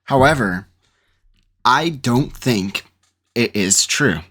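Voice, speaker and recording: A man's voice: mid-range voice, lively intonation, takes it slowly, a bit bright. A man hosting a commentary channel, talking casually and skeptically, rambling with fillers and restarts.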